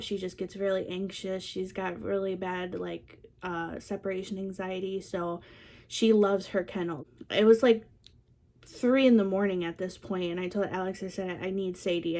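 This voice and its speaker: A young woman vlogger telling a personal story in a soft, candid way, with many fillers and trailing pauses. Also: mid-range voice.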